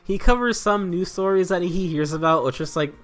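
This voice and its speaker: A man's voice: high-pitched, brisk, a bit bright, soft background music. A man giving casual commentary while playing a video game, rambling, joking, swearing and laughing often. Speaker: let's play host.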